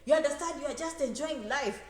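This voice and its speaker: A woman giving a lively motivational talk on immigration to an audience. She acts out quoted voices and repeats phrases for emphasis. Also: high voice, fairly quick. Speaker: immigration advisor and speaker. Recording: echoey room.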